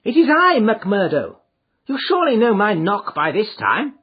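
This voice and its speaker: Brief: male narrator doing a nervous, fussy gent; high, fluttery, husky, lo-fi. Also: wildly swooping pitch, normal speed, heavily acted. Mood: insistent. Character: fussy nervous middle-aged gentleman, Thaddeus Sholto. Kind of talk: audiobook character voice. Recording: muffled lo-fi audio.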